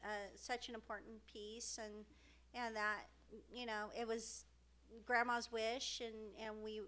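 Brief: middle-aged woman podcast co-host, earnest and emotional, high voice. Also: level tone, unhurried, pushed and bright. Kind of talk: casual heartfelt podcast chat.

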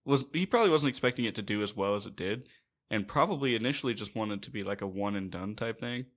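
A man's voice: lowish voice, expressive, fast, fairly bright tone. A man co-hosting a podcast in casual movie chat, easygoing, asking questions and laughing often. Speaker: podcast co-host.

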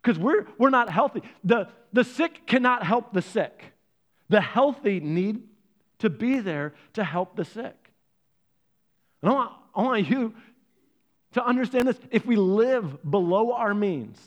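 A man's voice: high voice, expressive, measured pace. A middle-aged man pastor preaching a sermon with energy, leaning on emphasis and repetition.

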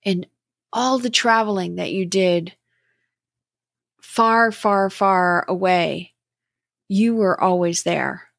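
A middle-aged woman hosting a podcast, speaking in a slow, gentle and contemplative way about spiritual growth. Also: mid-range voice, gravelly, no echo, studio quality. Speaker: podcast host. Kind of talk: reflective spiritual talk.

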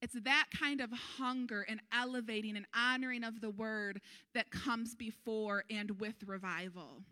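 A woman pastor preaching a sermon, earnest and animated, urging her congregation on. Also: measured pace. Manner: animated, acts out crowd voices with sudden high pitch.

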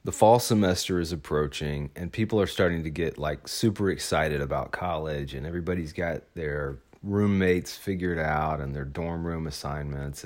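A young adult man from Arkansas, telling a personal story in a casual, rambling way with lots of fillers. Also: rumbling low. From Arkansas, USA. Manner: relaxed, rambling with many fillers.

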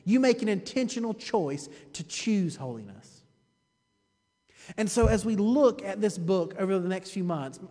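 Male pastor, fairly high voice, emphatic sermon, long hall reverb. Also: a little mellow. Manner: emphatic preaching, repeats phrases, rhetorical "you see".

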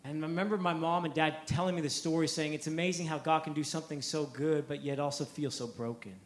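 A man's voice: a little high, steady tone, quick pace, roomy sound. A man preaching a sermon, telling a story with energy, repeating words and acting out the quotes.

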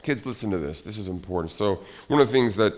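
Lively, low-voiced man preaching. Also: fast. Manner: animated, conversational, acts out little scenes. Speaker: pastor. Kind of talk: sermon.

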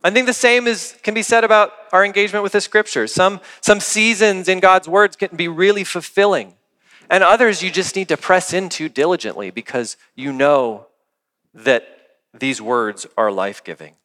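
A man's voice: high-pitched, normal speed, pushed and bright. A young adult man preaching a sermon as a pastor, earnest and conversational, often asking the congregation questions. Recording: long hall reverb.

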